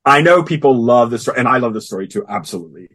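A man in casual podcast chat recounts a comic book story. His voice is husky and low-key. He tells it with animated flair, slipping into the characters' lines as he goes. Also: rapid-fire. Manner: animated retelling, acting out lines in quotes. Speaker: podcast co-host.

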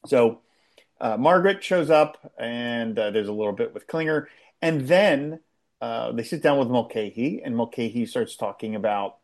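A man in casual conversation, rambling and animated as he recaps a television episode, with frequent restarts. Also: medium pitch, moderate pace. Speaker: podcast co-host. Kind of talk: casual chat.

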